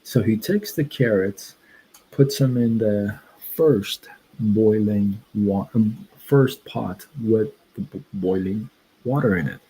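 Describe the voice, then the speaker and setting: A man hosting a casual livestream, telling a story in a rambling, halting way and breaking off to greet his chat. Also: on the low side, mellow, slightly rough, rough recording. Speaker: livestream host.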